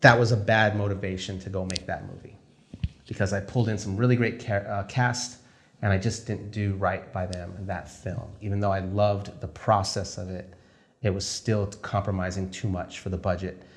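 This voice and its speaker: A male film director telling a story casually, acting out the conversations he quotes. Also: sits low. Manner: animated, acts out dialogue in quick quoted exchanges.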